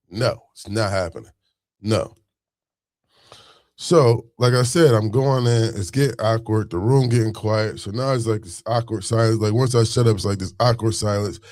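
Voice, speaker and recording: A man ranting through a casual story, leaning hard on street slang and circling back over the same phrases. His voice sits at an ordinary middle pitch. The sound is dry and close, with no room around it. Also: dry recording. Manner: animated, street slang, repeats phrases, rants.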